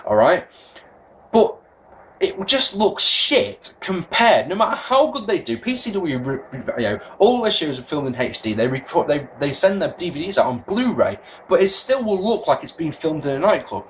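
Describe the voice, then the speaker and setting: This is a young English man on a casual vlog rant, swearing and tripping over his own restarts. His fairly high voice swings up and down with real energy. A faint hiss sits under the camera mic. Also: normal speed, rough recording. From England. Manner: ranting, animated, swears freely, many restarts. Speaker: wrestling vlogger.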